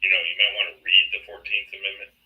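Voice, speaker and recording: A man's voice: low voice, little pitch movement, narrow, tinny audio. A man co-hosting a live political debate stream, lecturing and firing off pointed questions. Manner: lecturing, rapid-fire questions. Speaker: debate co-host.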